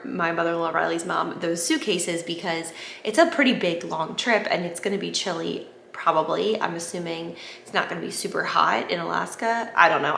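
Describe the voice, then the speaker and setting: Mom vlogging at home, kinda low and gravelly, gushy, echoey room w faint hiss. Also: female voice. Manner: gushing, repeats herself when excited. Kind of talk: casual chat to camera. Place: home at night.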